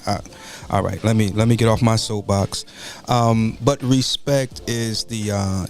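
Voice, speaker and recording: A man hosts a call-in show in a folksy, preachy way. He loops back on his words and talks like a pastor at a pulpit. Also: lowish voice. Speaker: talk show host and pastor. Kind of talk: casual call-in show hosting.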